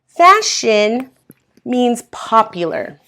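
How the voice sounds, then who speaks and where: A Mexican woman teaches an English as a second language class, reading from a textbook and patiently explaining words one step at a time. Her voice sits on the high side, with a sing-song, sharp tone and a very slow pace.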